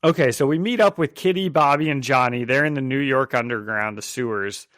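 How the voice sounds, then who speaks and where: A man's voice: medium pitch, brisk, a bit bright, no room sound, studio quality. A young man co-hosting a podcast, casually and animatedly retelling a comic story and laughing often. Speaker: podcast co-host. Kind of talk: casual chat.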